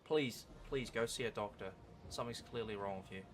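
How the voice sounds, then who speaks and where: A man's voice: on the low side, brisk, a little hiss or hum. Joking man commentating a speedrun. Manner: joking, sarcastic asides. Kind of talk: casual gameplay commentary.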